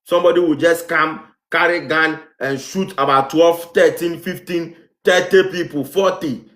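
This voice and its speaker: Ghanaian guy ranting on his vlog, kinda high voice, keeps asking "is it not happening", room echo. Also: fairly even intonation, normal speed, fairly bright tone. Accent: Ghanaian English. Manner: heated, repetitive rhetorical questions. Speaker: vlogger. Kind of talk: impassioned commentary monologue.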